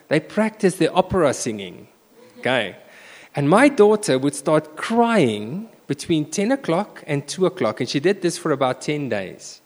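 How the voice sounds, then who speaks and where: A man preaching a sermon, telling a personal story with animated swings between loud bursts and hushed asides, in a church hall. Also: a little high, moderate pace. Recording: echoey hall reverb.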